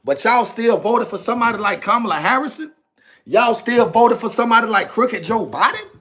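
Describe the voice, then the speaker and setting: A young man rants on his live stream. He sounds animated and preachy and keeps repeating himself. His talk is slangy and street-casual throughout. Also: very high-pitched, brisk.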